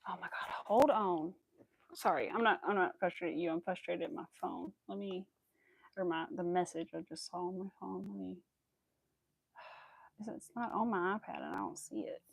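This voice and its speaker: A woman's voice: on the low side, moderate pace, vocal fry, no echo. Chatty woman crocheting on a livestream. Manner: chatty, rambling, many fillers. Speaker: crochet streamer. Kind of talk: casual livestream chat.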